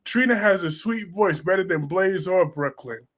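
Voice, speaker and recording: A man hosting a live stream, reading viewer comments and reacting in a sassy, blunt, animated way. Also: high voice, moderate pace, few pauses. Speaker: host of a live soap opera discussion stream.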